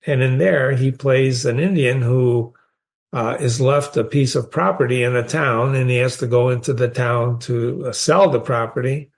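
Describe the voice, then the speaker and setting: A man's voice: mid-range voice, steady tone, normal speed. A man, teaching a short story in a conversational way and often asking the listener questions. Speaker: literature teacher.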